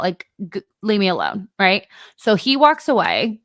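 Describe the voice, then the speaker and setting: A woman co-hosting a podcast, telling a story in a lively, casual way and acting out both sides of an argument. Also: mid-range voice, measured pace, no room sound. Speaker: podcast co-host.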